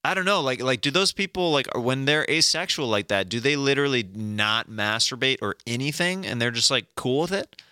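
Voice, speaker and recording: A man's voice: medium pitch, lively intonation, fairly quick, hardly any pauses, sharp tone, clear, resonant tone, no room sound, studio quality. A young adult man hosting a podcast in casual chat, laid-back and full of fillers, often saying dude. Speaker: podcast host.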